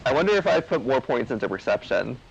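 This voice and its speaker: A man's voice: medium pitch, sing-song, fast talker, gravelly, muffled recording. A man chatting casually over gameplay, rambling with lots of fillers and restarts. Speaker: co-host of a gaming video.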